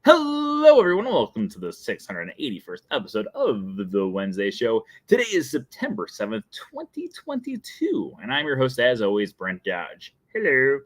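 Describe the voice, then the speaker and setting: A man's voice: fairly low pitch, big pitch swings, moderate pace, few pauses, a bit bright, dry recording. A young adult man hosting a casual live stream, chatty and playful, often laughing at himself. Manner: playful and chatty, breaks into sung jingle and laughs. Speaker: host.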